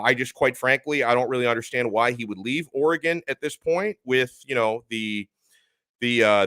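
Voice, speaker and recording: A man's voice: medium pitch, pushed and bright, dry recording. A man hosting a live sports talk stream, speaking emphatically and reading out chat comments as he goes.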